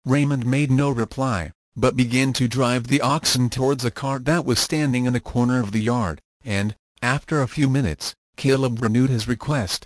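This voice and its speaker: A man's voice: mid-range voice, no echo. Man narrating a storybook, dry sound. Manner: steady, measured reading. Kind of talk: audiobook narration of a children's story.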